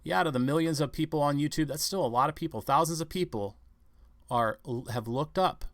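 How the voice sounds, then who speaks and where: A man's voice: fairly high pitch, brisk, no room sound. A man giving rambling, confrontational news commentary on his own channel, firing off rhetorical questions. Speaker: vlog commentator.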